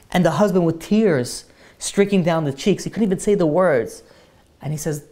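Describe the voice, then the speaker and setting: A man's voice: fairly high pitch, fast, darkish tone. Impassioned male rabbi telling a story. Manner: impassioned, voice rising as he urges. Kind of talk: emotional sermon storytelling.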